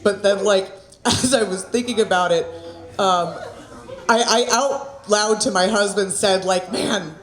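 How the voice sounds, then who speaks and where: A woman's voice: medium pitch, a little slow. A woman in her thirties doing open-mic stand-up, chatty and self-mocking, laughing at her own jokes. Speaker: stand-up comedian. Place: small comedy club, indoors. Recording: echoey club room with crowd laughter.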